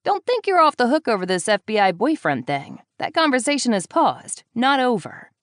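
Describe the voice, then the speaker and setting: A smirking young man who needles his partner with dry one-liners, as a woman narrator puts him on. He sounds a touch higher and brighter than the narrator's own calm reading, closely miked in a dry space. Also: moderate pace, dry recording. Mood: teasing. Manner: teasing, smirking. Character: wry young male partner in crime.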